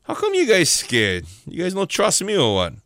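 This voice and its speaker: A man voicing Jesus as a gentle teacher, asking softly. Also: high-pitched, big pitch swings, brisk, gravelly, no room sound, studio quality, pitched above the performer's own voice, exaggerated voice.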